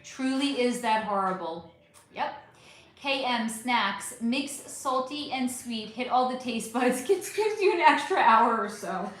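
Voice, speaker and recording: A woman's voice: a little high, animated, a little slow, fairly bright tone. A woman in her thirties chatting casually on a livestream, reading comments and rambling, swearing now and then, recorded on a phone in her living room. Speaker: livestream host. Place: bright living room at home. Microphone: phone without external microphone. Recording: echoey room, faint background hiss.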